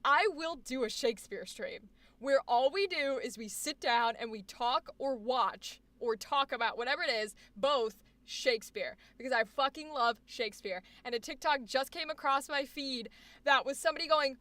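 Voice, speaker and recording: A woman's voice: high voice, bright, forceful tone, dry recording. A young adult woman streaming, chatting casually with her viewers and swearing freely. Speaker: livestreamer reading chat. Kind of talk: casual livestream chat.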